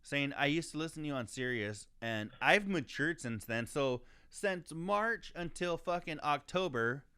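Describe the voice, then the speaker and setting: A man's voice: on the high side, lively intonation, measured pace, bright, forceful tone, smooth, no echo, studio quality. Ranting, swearing man on a podcast. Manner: heated ranting, heavy swearing, stumbling restarts. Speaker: podcast co-host. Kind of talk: casual profane podcast chat.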